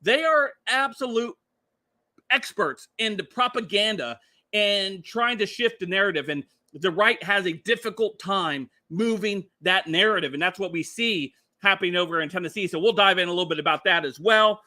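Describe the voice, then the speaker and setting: High, bright-voiced man rambling on a stream. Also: expressive, normal speed. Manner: rambling, chuckling, many filler words. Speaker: livestream commentary host. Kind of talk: casual political commentary stream.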